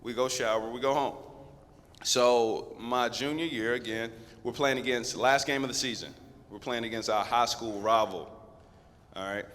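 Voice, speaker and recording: A man in his thirties, a guest speaker at a school, telling a lively story straight to the students. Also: mid-range voice, moderate pace. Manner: lively, conversational, addresses the crowd directly. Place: school assembly hall. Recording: long echo of a big hall.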